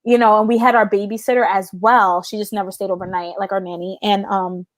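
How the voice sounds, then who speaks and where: A woman's voice: mid-range voice, fairly even intonation, fairly quick, dry recording. A woman in her thirties chatting casually as an interview guest, frank and full of "like", swearing now and then. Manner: chatty, fills every sentence with "like". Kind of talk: casual storytelling chat.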